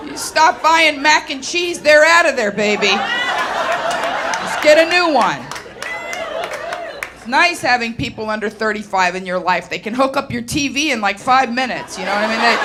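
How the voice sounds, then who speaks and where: A brassy, high-voiced woman comic works a live comedy club crowd, punchy and speaking directly to them. Her intonation is lively and her delivery a little slow. The recording is noisy with audience laughter throughout.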